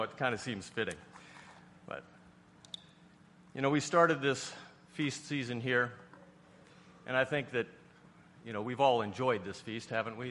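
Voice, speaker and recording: A man from New York preaches to his congregation in a folksy, chatty way that builds to emphatic passages. His voice is bright and forceful. It rings with long reverb through a large hall. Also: mid-range voice, slight background noise. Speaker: pastor. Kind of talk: sermon.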